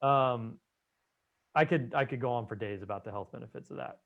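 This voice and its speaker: A man's voice: medium pitch, fairly quick, narrow, tinny audio. A man who is an Ayurvedic doctor, chatting casually as an interview guest, with lots of "you know" fillers.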